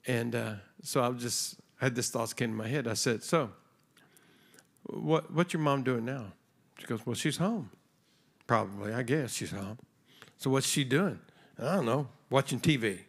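Gravelly and husky, this man's medium-pitched voice takes its time. He's a guest preacher addressing a congregation from the church stage, telling a story conversationally and acting out the characters' lines.

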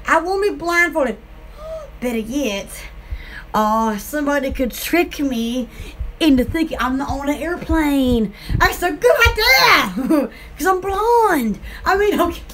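A woman's voice: high-pitched, bright, forceful tone, slight background noise. A woman hosting her own channel, rambling playfully and giggling as she acts out silly scenes. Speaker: channel host.

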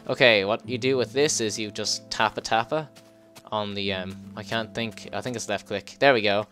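Guy doing lets play commentary, kinda low voice, jumpy and sweary, faint music under it. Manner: excitable, swears and laughs, quick yelps when startled. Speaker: let's play gamer. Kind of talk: casual gameplay commentary.

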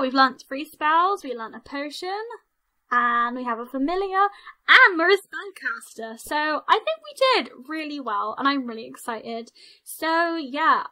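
A young woman doing excitable let's play commentary, squealing and shouting at what happens in the game. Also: high-pitched, poor audio. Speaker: gaming channel host.

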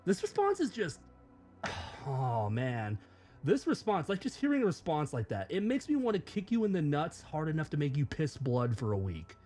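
Guy reading his commentary script, snarky and swearing, voice bounces around a lot, slightly high, faint music behind. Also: wildly swooping pitch, normal speed, a little mellow. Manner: sarcastic, mocking, profane. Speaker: YouTube commentator.

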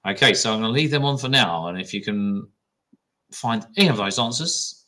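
A man's voice: lowish voice, animated, normal speed, sharp tone. A young adult man, a teacher running a classroom history quiz and giving pupils upbeat, encouraging praise.

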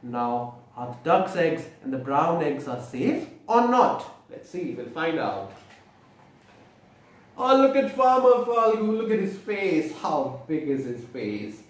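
A man's voice: medium pitch, very animated, unhurried, few pauses. Man reading to children, echoey room. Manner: explains the pictures with questions to children. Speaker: storyteller for children. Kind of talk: children's read-aloud. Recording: echoey room, distant mic.

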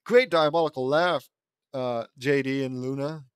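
A gloomy goth girl with a flair for the spooky, as a man reads her lines, raised a little in pitch and louder than his narration. it sounds like a fan-made storybook audiobook. the voice is close and dry. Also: measured pace, smooth, no echo, lightly acted. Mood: theatrical. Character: gloomy goth girl running a haunted maze.

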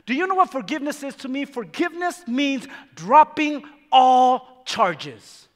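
A man's voice: very high-pitched, expressive, measured pace. A male pastor preaching emphatically, repeating phrases and stumbling into restarts as he drives his points home. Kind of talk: sermon. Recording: reverberant hall with faint music.

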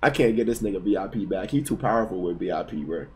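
A man in his twenties livestreaming from home in casual chat, excitable and profane, talking back to his chat and sometimes bursting into yelling. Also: lowish voice, fast. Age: 20s. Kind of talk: casual live-stream chat.

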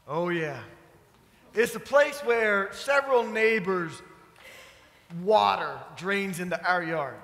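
High, bright-voiced pastor preaching in a hall. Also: male voice. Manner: storytelling, conversational with congregation asides. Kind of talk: sermon. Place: church sanctuary. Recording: echoey church hall.

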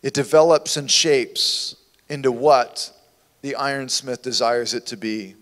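A man preaching a sermon as a pastor, with impassioned delivery that swings from hushed to loud. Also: medium pitch, measured pace. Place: church sanctuary. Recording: long hall reverb in a church.

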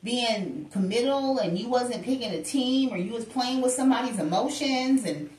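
A woman's voice: on the high side, animated, moderate pace, a little mellow, far from the mic, a little hiss or hum. Chatty woman reading tarot in echoey room. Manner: chatty, exclaiming, addresses listeners directly. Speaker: tarot reader. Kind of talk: casual tarot reading to viewers.

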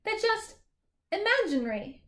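A woman's voice: extremely high pitch, very animated, a little slow, voice pushed up, full character voice. A woman voicing a curious, patient young boy who asks earnest questions, read aloud from a storybook. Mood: puzzled.

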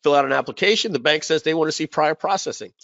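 A man's voice: fairly high pitch, fast talker, vocal fry, a bit bright, dry recording. A man hosting a webinar, telling a sales story in a casual, rambling way with lots of fillers and repeated words. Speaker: webinar host. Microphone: webinar call mic. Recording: slightly dull lo-fi audio.

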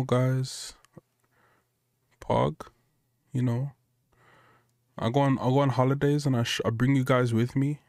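A man's voice: medium pitch, no echo, clean studio sound. A young man reacting to a video on stream, joking and mocking himself in casual banter.

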